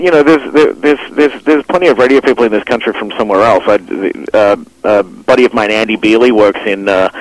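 A man's voice: fairly low pitch, no echo, low-quality recording. A man from Australia in his thirties with a mixed Australian and Canadian accent, a radio broadcaster chatting as a guest in a studio, rambling and full of fillers. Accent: Australian with some Canadian. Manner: rambling, restarts phrases, many fillers. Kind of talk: casual interview chat.

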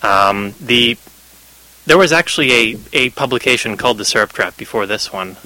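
A man's voice: mid-range voice, animated, normal speed, pushed and bright, no echo, poor audio. A young man being interviewed on the radio, explaining his ideas thoughtfully with occasional fillers. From Canada. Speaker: guest, magazine editor.

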